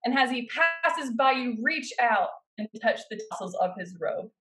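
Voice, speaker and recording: A woman's voice: on the high side, animated, fairly bright tone, low-quality recording. Woman preacher leading a guided scene. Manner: speaks in second person, slow dramatic pauses. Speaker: pastor. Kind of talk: sermon with guided imaginative narration.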